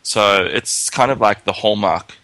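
A man's voice: fairly low pitch, unhurried, bright, forceful tone, no echo. An Australian man co-hosting a podcast, chatting casually and rambling with restarts. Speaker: podcast co-host. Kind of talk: casual chat.

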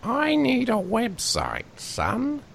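A bewildered old father with a thin, quavering voice that leaps high above a normal man's register and swings around wildly. He sounds plaintive and lost. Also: wildly swooping pitch, takes it slowly, vocal fry, fairly bright tone, a little hiss or hum, full character voice. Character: confused elderly father, old man. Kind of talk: comedy radio ad.

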